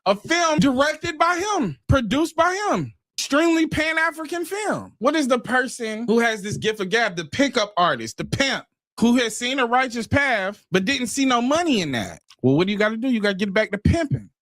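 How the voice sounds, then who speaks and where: A man in a played clip giving pointed commentary with an emphatic, measured delivery. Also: very high voice, big pitch swings, fairly bright tone, dry recording, studio quality.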